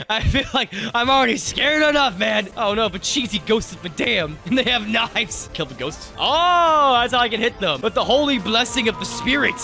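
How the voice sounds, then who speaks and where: A man commentating a video game as he plays, jokey and excitable, yelping and laughing at the scares. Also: extremely high pitch, normal speed, gravelly, soft background music. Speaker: gaming YouTuber. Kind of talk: let's play commentary.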